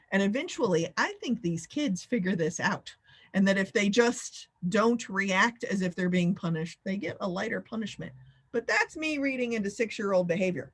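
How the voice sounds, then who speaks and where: A woman leading a live online workshop over a video call, talking in an animated, playful way and swooping up high for emphasis. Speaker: workshop facilitator.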